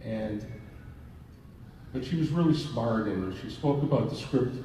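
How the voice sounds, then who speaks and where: A man's voice: medium pitch, lively intonation, unhurried, dark tone. An older man from Canada, a film director, telling rambling anecdotes on a convention panel and chuckling as he goes. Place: large convention hall, indoors. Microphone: phone camera in the audience. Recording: echoey hall, distant mic, dull and faint hiss.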